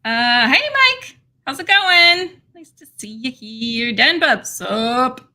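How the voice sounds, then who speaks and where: A woman's voice: high-pitched, sing-song, slow, bright, forceful tone. A woman co-hosting a casual livestream, bubbly and laughing, greeting viewers by name. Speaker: livestream co-host.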